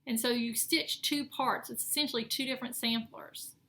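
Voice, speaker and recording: In a casual cross-stitch vlog, a middle-aged woman rambles and corrects herself while showing off her projects. Her voice sits on the high side, with a steady, bright, forceful tone at a moderate pace. The room is echoey with faint background noise.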